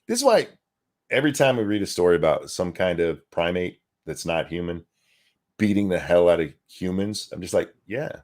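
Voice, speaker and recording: A man's voice: low-pitched, a little fast, a little mellow. A man co-hosting a casual podcast, talking in a blunt, crude, ranting way. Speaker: co-host.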